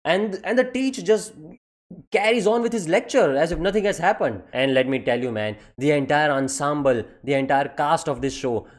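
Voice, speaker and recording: A young man telling a comedic personal story in an animated, profane and exaggerated way. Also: on the high side, moderate pace.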